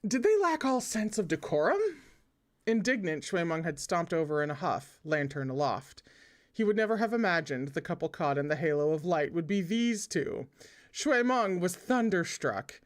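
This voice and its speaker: A host reads a novel aloud for listeners in an easy, conversational way. The narration moves steadily and is broken up by playful comments and reactions to the story. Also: mid-range voice. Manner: chatty asides, laughs at the text.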